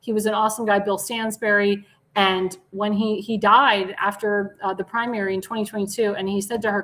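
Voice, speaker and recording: Woman talk show host; enthusiastic, promotional, repetitive donation pitches, self-correcting. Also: flat delivery, fairly quick, fairly bright tone, poor audio. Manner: corrects herself mid-sentence. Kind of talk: live political talk show.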